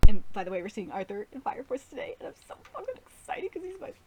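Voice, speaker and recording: A woman's voice: medium pitch, huge pitch swings, fast, mellow, slight background noise, rough recording. A woman hosting a live anime reaction, talking in an exasperated, nitpicky way and swearing often. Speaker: host.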